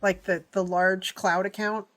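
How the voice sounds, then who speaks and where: A woman's voice: medium pitch, little pitch movement, measured pace, fairly bright tone. A woman co-hosting a podcast, chatting casually and reacting with frequent exclamations and swearing. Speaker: podcast co-host. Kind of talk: casual chat.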